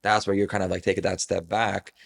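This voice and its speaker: Deep gravelly man musing. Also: level tone. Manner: reflective, drawn-out phrasing with many fillers. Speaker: podcast guest. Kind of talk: casual reflective chat.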